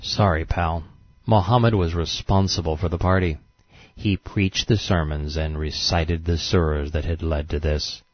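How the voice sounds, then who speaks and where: A man's voice: sits low, fairly even intonation, normal speed, no echo. A man giving scornful, sarcastic scripted narration as a documentary narrator, in a dull, dry recording.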